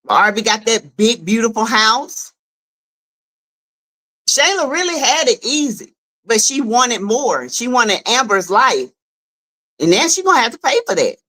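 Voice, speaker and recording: A Southern woman chats on her livestream about a web skit series, drawing her words out slowly. Her voice sits a little high and bright, and she addresses her viewers directly in loose, animated commentary. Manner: animated, laughing, talks straight to viewers. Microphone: streaming setup.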